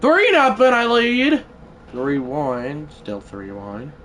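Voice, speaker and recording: A man livestreaming a baseball video game, chatting to viewers and shouting when big hits land. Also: fairly high pitch, slow, noisy background. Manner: excitable, swings from mumbled asides to shouted play calls. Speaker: gaming livestreamer. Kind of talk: live gameplay commentary.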